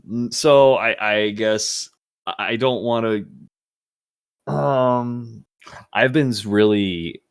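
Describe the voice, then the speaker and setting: A man's voice: on the low side, no echo, clean studio sound. A young man co-hosting a casual podcast, talking up his fantasy team in a boastful, profane, rambling way. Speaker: podcast co-host. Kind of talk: casual fantasy football banter.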